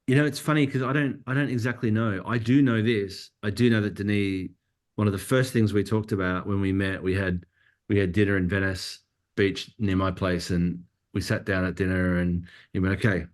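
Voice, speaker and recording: Guest interviewee, male, very low voice, relaxed and searching, plenty of restarts. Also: normal speed. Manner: relaxed, thinking aloud with many restarts. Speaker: cinematographer guest. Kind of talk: conversational interview.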